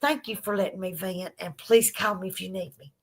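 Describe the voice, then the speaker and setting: A woman's voice: medium pitch, brisk. A Southern woman hosting a live podcast, chatting affectionately and emotionally with viewers after she has been crying. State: teary from crying. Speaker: livestream podcast host. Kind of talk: casual chat to live viewers.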